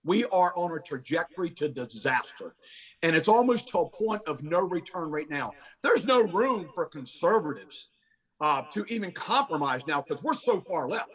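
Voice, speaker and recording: Sheriff guy, kinda high husky voice, hammering his points, bit far off the mic. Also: very animated, normal speed. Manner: forceful, emphatic repetition. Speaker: county sheriff, guest. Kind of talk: podcast interview.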